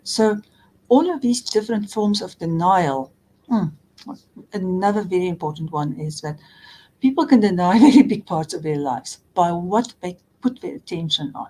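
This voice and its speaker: A middle-aged woman counselor, her voice lowish, mellow, and animated at a normal speed, earnestly explains relationship patterns in a talking-head advice video. Repetitive and prone to restarting phrases, she also voices example quotes, over poor audio.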